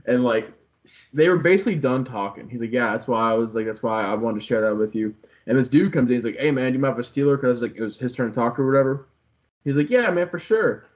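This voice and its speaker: A man's voice: medium pitch, animated, fast talker. Young male co-host, loose rambling storyteller, swears a lot, slightly muffled recording. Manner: rambling, profane, acts out quotes with voices. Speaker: podcast co-host. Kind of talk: casual chat recapping a reality show. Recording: slightly dull lo-fi podcast audio.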